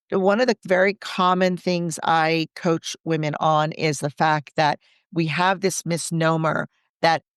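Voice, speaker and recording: An earnest woman coaching in a relaxed podcast chat, thinking out loud through lists and questions. Her voice is smooth and resonant, recorded close and dry with no room sound. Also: low-pitched, no room sound. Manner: earnest, reflective, speaks in lists and rhetorical questions. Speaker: Catholic coach and podcast co-host.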